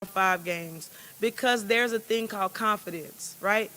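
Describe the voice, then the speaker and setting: A woman's voice: medium pitch, measured pace, pushed and bright. A women's basketball coach candidly explaining her team's scheduling.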